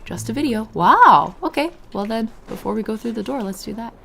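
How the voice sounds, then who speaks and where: A young woman casually chatting while streaming a video game. She talks in a chatty, easily distracted way, with bursts of excited exclamations. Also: fairly high pitch, brisk, creaky, soft background music. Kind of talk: casual live gameplay commentary.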